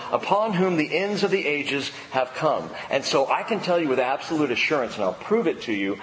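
A man's voice: mid-range voice, a bit bright, slight background noise. A male pastor preaching a sermon in an emphatic style, fond of rhetorical questions. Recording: echoey hall, faint ambience.

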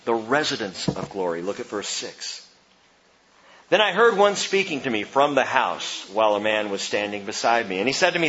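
A man's voice: lowish voice, big pitch swings, normal speed, a bit bright, dull audio, a little hiss or hum. A man preaching a sermon, reading scripture aloud and posing rhetorical questions. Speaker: pastor.

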